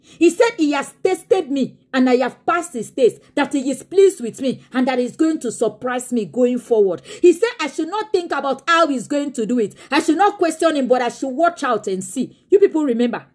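A woman pastor preaching in an impassioned way, swinging into tearful shouting. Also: high voice, lively intonation, moderate pace. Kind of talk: sermon.

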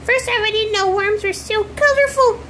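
A woman's voice: extremely high pitch, normal speed, sharp tone. A woman voicing a jittery, easily frightened little girl doll, chattering and squealing breathlessly, in a doll role-play. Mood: scared. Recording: noisy home recording.

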